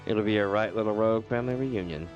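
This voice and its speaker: A man voicing a gruff, streetwise male rogue guildmaster from a game, folksy and calling people lass. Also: on the low side, quick pace, music in the background, close to an everyday voice. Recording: dull lo-fi stream audio.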